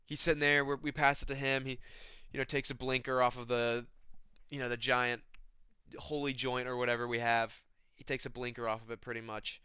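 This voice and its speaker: A man's voice: mid-range voice, little pitch movement, brisk, sharp tone, smooth, dry recording, clean studio sound. A young man rambling in a laid-back, slangy comedic monologue as a vlogger.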